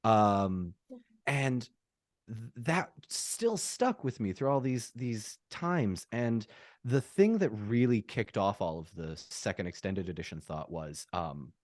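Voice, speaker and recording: Animated rambling man on a podcast. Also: fairly low pitch, no echo, studio quality. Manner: rambling, animated storytelling with quick laughs. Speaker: podcast guest. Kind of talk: casual podcast chat.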